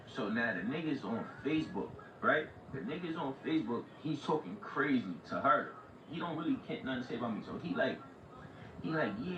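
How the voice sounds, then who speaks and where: A man on a livestream telling a long story in casual street slang, full of "like" and "right?". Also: medium pitch. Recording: far-off echoey lo-fi mic with noise.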